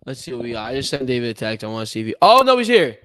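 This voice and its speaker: A man's voice: medium pitch, flat delivery, rapid-fire, smooth. A young man co-hosting a sports livestream, chatting casually and rambling while he waits for his partner, yawning now and then. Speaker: podcast co-host.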